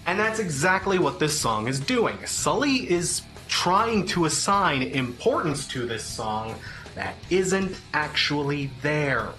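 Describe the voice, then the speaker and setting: A man's voice: on the high side, sing-song, slow, sharp tone, faint music behind. A man giving an opinionated, sarcastic review of a song, exasperated and crude in his wording. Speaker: music reviewer.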